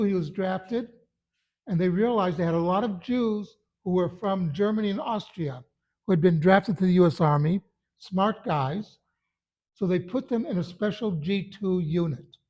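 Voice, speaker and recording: A man's voice: sits high, highs cut off. A man who is a religious teacher, giving a short Torah talk in an earnest, emphatic storytelling manner.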